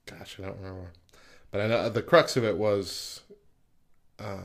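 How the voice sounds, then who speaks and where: A man's voice: lowish voice, little pitch movement, moderate pace. Laid-back man hosting morning radio. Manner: easygoing, laughs often. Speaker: radio morning show host. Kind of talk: casual banter and news reading.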